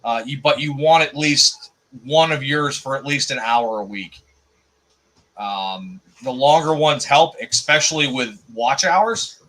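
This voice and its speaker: A man's voice: medium pitch, animated, unhurried, fairly bright tone, low-quality recording. A man hosting a casual live stream chat, rambling and repeating words as he thinks.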